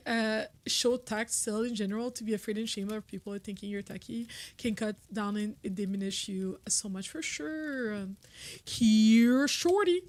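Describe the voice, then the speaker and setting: A woman's voice: on the high side, dry recording. A young woman streaming a video game, chatting casually and rambling with frequent laughs. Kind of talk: casual gameplay commentary.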